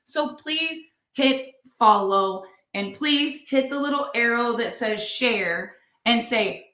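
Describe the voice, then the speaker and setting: Intense, emphatic woman, bright voice. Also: on the high side, expressive, slow, echoey room. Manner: intense, emphatic, talks straight to listeners. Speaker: podcast host. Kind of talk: personal storytelling to listeners.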